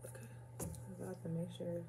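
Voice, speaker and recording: A woman's voice: on the low side, completely flat delivery, fairly quick, noisy background. A young woman vlogger telling a casual story, chatty and profane, full of "like" and "y'all," laughing nervously. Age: young adult.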